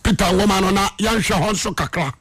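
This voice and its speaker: A Ghanaian man preaching a sermon with call and response, fervent, shouting and half-singing his phrases and calling for amens. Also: high-pitched, brisk, slightly rough, no echo. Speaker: evangelist preacher. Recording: noisy broadcast recording.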